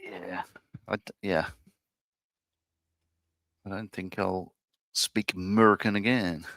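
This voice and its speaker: A man talks easily while building a model on a live stream, musing aloud and reading out viewer comments. His voice has a gravelly edge and a bright tone. The sound is dry and close. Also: fairly low pitch, slow pace, dry recording. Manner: relaxed, thinks aloud, reads viewer comments out.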